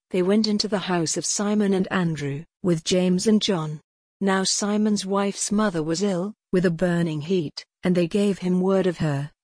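Woman, scripture reader, measured steady delivery, breathy, dry close recording. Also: fairly low pitch, no room sound. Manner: steady, even-paced reading with deliberate pauses. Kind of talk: measured Bible reading.

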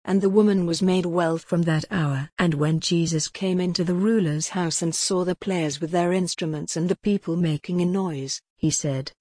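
A woman reading scripture aloud in a measured, even way. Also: on the low side, breathy edge, no room sound, studio quality. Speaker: scripture reader.

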